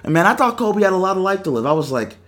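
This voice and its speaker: Animated young man hosting sports talk. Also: high-pitched, racing. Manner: animated storytelling, acts out quotes. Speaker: sports talk show host. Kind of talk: emotional sports talk monologue.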